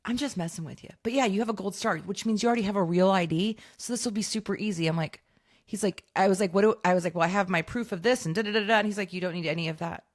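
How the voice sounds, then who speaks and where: A woman co-hosting a podcast, telling an animated story in casual chat and acting out the voices of the people in it. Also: medium pitch, rapid-fire. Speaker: podcast co-host.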